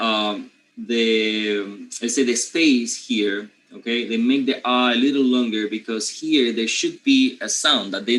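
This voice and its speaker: A man from Panama with a Panamanian accent, a native Spanish speaker teaching English pronunciation, who often clears his throat and keeps checking in with his students. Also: medium pitch, pushed and bright, rough recording. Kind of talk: pronunciation lesson.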